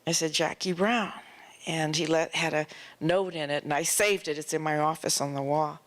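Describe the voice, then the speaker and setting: A woman, an actress, telling an animated anecdote at an on-stage Q&A and acting out the voices of the people in it. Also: low voice, a little fast. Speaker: guest actress. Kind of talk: storytelling at an on-stage Q&A. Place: festival stage before an audience.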